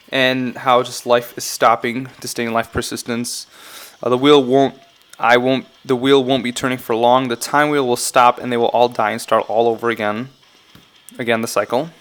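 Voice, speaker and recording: A man talks loosely through song lyrics for his channel, in a mid-pitched, unhurried voice. He drifts between thoughts, corrects himself mid-sentence and keeps sounding unsure of his own readings. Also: steady tone, a bit bright, smooth. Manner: rambling, self-correcting, often unsure. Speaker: YouTuber analyzing game song lyrics. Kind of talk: casual commentary vlog.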